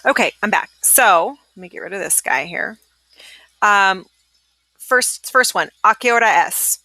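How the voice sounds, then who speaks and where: A woman teaching a recorded vocabulary pronunciation lesson. She says each word slowly, then repeats it at natural speed, and asks listeners to say it back. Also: medium pitch, lively intonation, sharp tone, no echo. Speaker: Spanish teacher.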